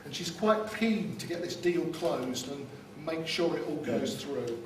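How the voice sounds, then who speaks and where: In a wedding reception hall, a London man with a fairly high voice and lively intonation speaks at a measured pace, landing wry jokes and punchlines for the guests. The background is noisy, and the distant mic records an echoey room with loud ambience.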